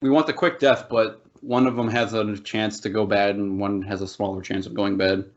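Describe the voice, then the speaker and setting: A man's voice: fairly low pitch, steady tone, normal speed. Rambling, laughing male podcast host. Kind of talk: casual podcast banter. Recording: dull lo-fi podcast audio.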